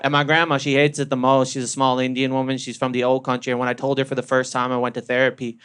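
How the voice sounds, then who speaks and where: A young Canadian man performing a stand-up comedy set, telling stories with a deadpan, punchy delivery. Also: medium pitch, quick pace, smooth. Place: comedy club stage.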